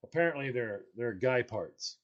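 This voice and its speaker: A podcast co-host with a medium-pitched voice tells a comic story at a moderate pace on a casual chat show, animatedly acting out the voices of the other people in it. The highs in the recording are cut off.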